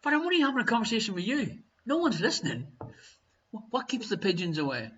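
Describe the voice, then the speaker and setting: A man with an Irish accent hosting a live online quiz, chatty and teasing, reading each question slowly twice. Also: high voice, huge pitch swings, a bit bright. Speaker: quiz host. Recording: dull lo-fi stream audio.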